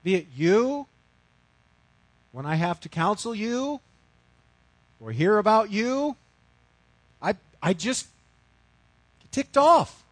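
A middle-aged man preaching a sermon, telling a story with big swings from loud outbursts to hushed, quiet lines. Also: high-pitched, very animated, slow pace, long pauses, no echo, low-quality recording. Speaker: pastor.

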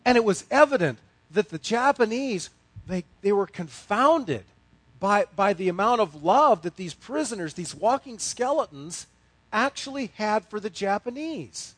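A male pastor preaching with a high, lively voice that leaps up and drops low. He tells a story, moving from hushed tones to loud bursts. The sound is close and dry, with no room echo. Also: unhurried. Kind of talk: sermon.

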